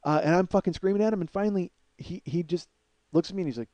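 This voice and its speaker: A middle-aged man hosting a comedy podcast, telling a story in a profane, excitable rant. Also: sits high, fast, no room sound.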